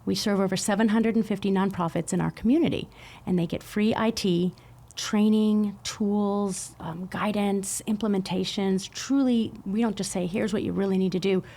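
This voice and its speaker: A middle-aged woman guests on a casual podcast in a podcast room. Her voice has a gravelly fry and sits at a medium pitch. She explains things in a warm, affirming way. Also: fairly even intonation, normal speed.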